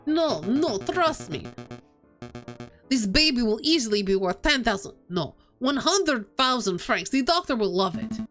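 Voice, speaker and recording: Woman putting on a scatterbrained bird inventor guy, fake east european accent, fussy and lively. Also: on the high side, measured pace, soft background music.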